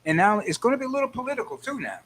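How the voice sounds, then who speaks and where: An older man hosting a radio talk show, animated and playful, acting out little scenes as he talks. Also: very high voice, rapid-fire, slight background noise. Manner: lively, playful, acts out voices, frequent laughs.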